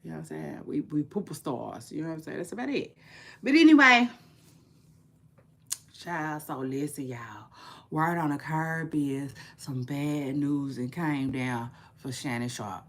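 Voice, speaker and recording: A woman's voice: sits low, expressive, unhurried, creaky. Drawling chatty woman vlogger. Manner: chatty, repeats herself, drawling asides. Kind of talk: casual gossip commentary.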